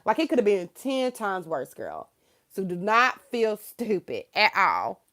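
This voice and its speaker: Animated woman in her thirties. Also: medium pitch, measured pace. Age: 30s. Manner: frank, animated, calls the viewer girl; laughs often. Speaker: tarot reader. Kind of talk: live tarot reading chat.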